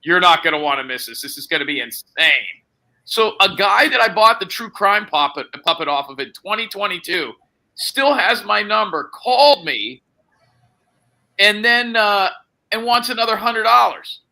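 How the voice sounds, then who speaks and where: High gravelly guy telling a wild story, acts out the call, swears a lot, super lively. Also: moderate pace, low-quality recording. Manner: animated storytelling, acts out quoted phone dialogue, swears. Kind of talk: casual chat.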